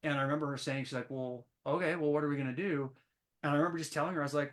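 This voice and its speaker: A man's voice: a little high, rapid-fire. A man who is a podcast guest, telling stories animatedly with plenty of ums and restarts. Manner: animated storyteller, many fillers. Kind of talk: casual podcast interview.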